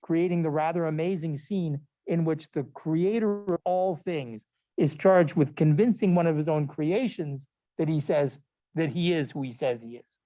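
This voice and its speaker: A literature and law professor gives a recorded lecture, reading prepared text with small asides and self-corrections. His voice is fairly high and mellow, at a moderate pace.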